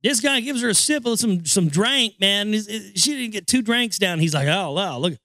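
A man's voice: high-pitched, animated, moderate pace, bright, forceful tone, dry recording, clean studio sound. A man who hosts a podcast, reading an ancient text aloud and ranting over it in crude, profane language. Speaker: podcast host.

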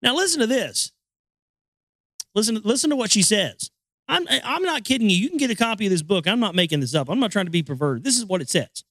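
A man's voice: high voice, big pitch swings, fast, fairly bright tone, no echo, clean studio sound. A man who hosts a podcast, reading an ancient text aloud and ranting over it in crude, profane language. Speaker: podcast host.

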